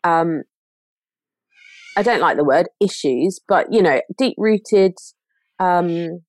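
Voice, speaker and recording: A woman's voice: lowish voice, expressive, takes it slowly, no echo. A woman speaking as a podcast guest in a casual chat, earnest and reflective, often restarting her sentences.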